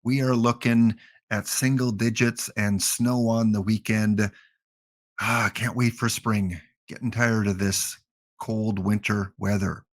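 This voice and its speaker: A man's voice: lowish voice, fairly even intonation, slow pace. A man with a Canadian accent hosting a gaming livestream, chatting casually with jokey, rambling asides.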